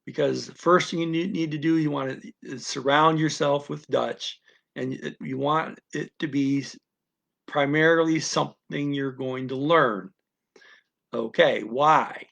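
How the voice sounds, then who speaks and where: Gravelly-voiced man explaining, rambling. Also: on the high side, fairly even intonation, unhurried, fairly bright tone. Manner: rambling, repetitive, with frequent restarts and asides; acts out what a parent or a baby's mind says. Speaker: language-learning teacher. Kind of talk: unscripted explanatory talk.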